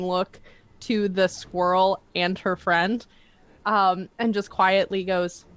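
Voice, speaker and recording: Female player, slow and hesitant, talks through her character's moves. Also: medium pitch, fairly even intonation, clear, resonant tone. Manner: hesitant, lots of likes. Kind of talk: tabletop role-play.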